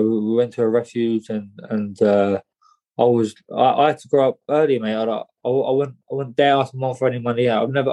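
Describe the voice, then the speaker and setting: A man telling a personal story in an interview, halting and repeating words, often saying "mate". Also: medium pitch, mellow. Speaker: guest.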